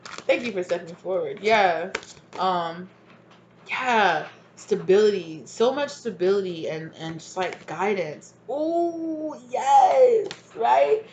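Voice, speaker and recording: A woman's voice: fairly low pitch, measured pace, highs cut off, slight background noise. Chatty woman giving a tarot reading. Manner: chatty, rambling, laughs often, says "y'all". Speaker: tarot reader. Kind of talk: casual collective tarot reading to viewers.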